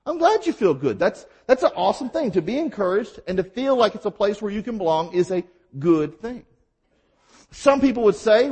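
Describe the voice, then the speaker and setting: Lively husky-voiced male preacher. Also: sits high, moderate pace. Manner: emphatic, rhetorical questions, varied delivery. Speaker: pastor. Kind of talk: sermon.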